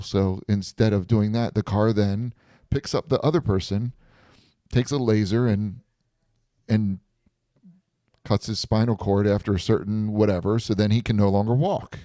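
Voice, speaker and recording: A man's voice: on the low side, steady tone, moderate pace, dark tone, dry recording, clean studio sound. A man hosting a live stream chat, animatedly retelling a story and laughing often.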